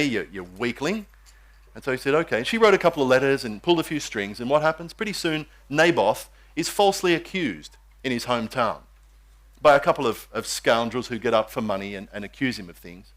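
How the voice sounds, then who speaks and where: A man's voice: mid-range voice, fairly bright tone. A man preaching a sermon, telling a story and acting out the voices of its characters.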